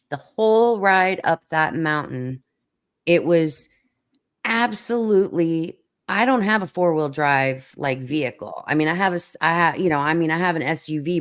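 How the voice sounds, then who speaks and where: A middle-aged woman hosting a relaxed chat. Her voice sits low, and she tells her story animatedly, stumbling over restarts. When she acts out what people said, she jumps into a higher voice. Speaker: host. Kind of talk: casual chat, telling a story.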